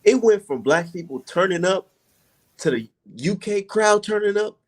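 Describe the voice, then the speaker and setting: A man hosting a casual chat, telling a profane, animated story and laughing often. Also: sits high, moderate pace. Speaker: podcast host.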